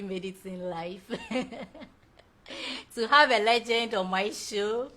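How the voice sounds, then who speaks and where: A woman's voice: mid-range voice, steady tone, slow pace, pushed and bright. A young woman hosting a show, chatting effusively and laughing often as she reads out viewer messages. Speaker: show host. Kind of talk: casual live-show chat reading viewer comments.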